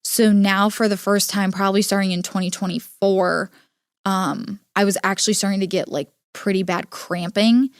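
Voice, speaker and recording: A young adult woman hosting a podcast, telling a personal story in an earnest, halting way with many filler words. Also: medium pitch, steady tone, no echo, clean studio sound. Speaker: podcast host. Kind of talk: personal storytelling, casual monologue.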